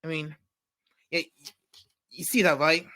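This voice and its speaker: A man's voice: fairly high pitch, fairly even intonation, measured pace, pushed and bright. A man hosting a comedy news segment, reading jokes with frequent stumbles and self-corrections. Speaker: comedy show host.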